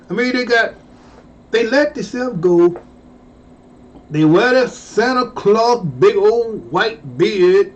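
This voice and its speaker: Brief: slow-talking man with a high voice, profane storyteller who bursts into loud yelps, dull lo-fi recording. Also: animated. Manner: exclaims loudly, jumping high in pitch and swearing. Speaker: storyteller vlogger. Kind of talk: casual profane storytelling monologue.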